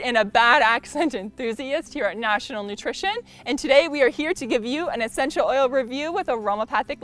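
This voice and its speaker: A woman's voice: high-pitched, a little fast, hardly any pauses, a bit bright. A woman working as an essential oil specialist, giving an upbeat, informative product review with a playful touch.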